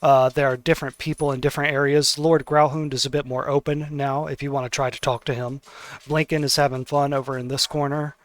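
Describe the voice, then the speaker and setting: A man's voice: medium pitch, a little fast, dry recording. Dry-sounding man running a tabletop game. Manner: relaxed, descriptive, filler-heavy narration. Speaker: game master.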